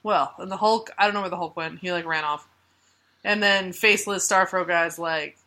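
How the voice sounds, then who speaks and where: A woman's voice: lowish voice, fairly even intonation, moderate pace, bright, forceful tone. Laughing, profane woman podcaster. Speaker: podcast co-host. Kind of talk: casual comic-book chat.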